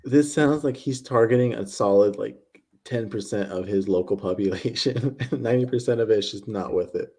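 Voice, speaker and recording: A man's voice: fairly low pitch, normal speed, dark tone, husky. A young man co-hosting a casual podcast chat, laid-back, mostly answering with short replies and laughs. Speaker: podcast co-host.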